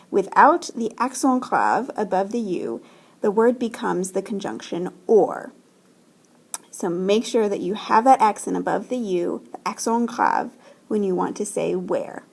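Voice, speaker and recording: A woman teacher recording a voice-over French lesson, explaining in English slowly and carefully and modelling French phrases aloud. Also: medium pitch, vocal fry, darkish tone. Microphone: screen-recording voice-over.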